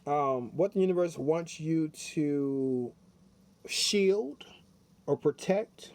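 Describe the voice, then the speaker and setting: High-voiced man giving a chatty tarot reading. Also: takes it slowly, dark tone. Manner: chatty, repeats himself, talks straight to viewers. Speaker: tarot reader. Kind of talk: casual spiritual card reading.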